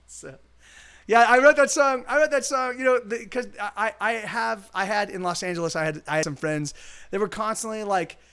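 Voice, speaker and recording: A man's voice: sits high, moderate pace, fairly bright tone, slight background noise. A man in his forties, a singer-songwriter streaming live, chatting casually between songs in a rambling way, with many restarts, swearing and laughing. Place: home streaming setup. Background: acoustic guitar.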